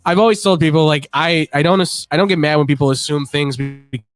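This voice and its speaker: A talkative man co-hosting a sports chat, his voice sitting a little higher than most men's. He jumps into quoted voices as he retells bits and often stumbles and restarts mid-sentence. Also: a little fast, no echo. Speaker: podcast co-host. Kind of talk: casual chat.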